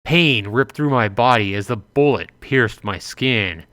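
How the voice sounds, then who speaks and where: A man streaming a visual novel, reading the text aloud into a close mic and breaking into excitable outbursts. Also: mid-range voice, unhurried, few pauses. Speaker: game streamer.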